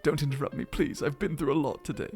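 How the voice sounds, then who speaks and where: A man voicing a self-pitying young prince who talks in a soft, weary, whiny way, with faint game music underneath. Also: on the high side, fast, gravelly.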